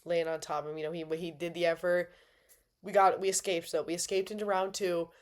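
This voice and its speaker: A woman's voice: lowish voice, flat delivery, brisk. A woman giving a casual, playful recap of a fight night, bubbly and dramatic, with slangy asides. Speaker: MMA fan reviewer.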